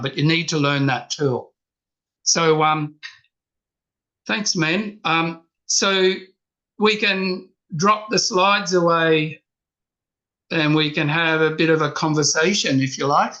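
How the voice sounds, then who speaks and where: A man's voice: a little high, slow, long pauses, bright, forceful tone, lo-fi sound. A man giving an earnest coaching talk to a men's group, repeating his key points. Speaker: speaker at a men's workshop. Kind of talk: talk with slides, then group discussion.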